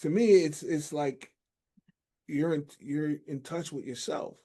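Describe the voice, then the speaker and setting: Warm-toned male interview host. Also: on the high side, slow pace. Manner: affirming, thoughtful, coaching tone. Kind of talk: interview conversation.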